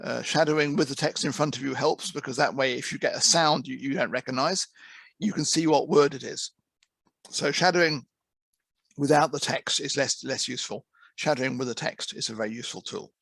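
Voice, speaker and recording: Gravelly-voiced man teaching interpreters. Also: mid-range voice, brisk, a bit bright, no room sound. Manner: conversational, repeats words when restarting. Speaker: interpreting course head and teacher. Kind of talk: online presentation to trainee interpreters.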